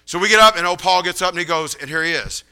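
A male preacher telling stories in a sermon, in an animated, folksy way. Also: sits high, fast, clean tone. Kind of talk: storytelling sermon.

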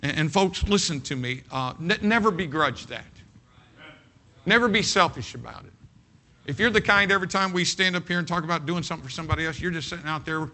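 A man's voice: a little high, quick pace, sharp tone. A man preaching a sermon as pastor, emphatic and folksy, often repeating his phrases.

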